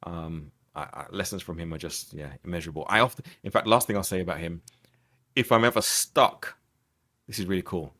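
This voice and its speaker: Man, podcast guest, deep voice, earnest, reflective, restarts sentences. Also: fairly quick, sharp tone. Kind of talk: conversational interview.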